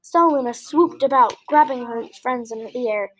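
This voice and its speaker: A woman reading a children's story aloud in a clear, gentle way. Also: high voice, moderate pace, low-quality recording.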